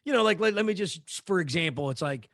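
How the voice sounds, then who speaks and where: A man's voice: high-pitched, expressive, fairly quick, gravelly, fairly bright tone, no room sound, studio quality. A man co-hosting a podcast, telling a story in casual chat, rambling with lots of fillers, restarts and swearing. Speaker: podcast co-host.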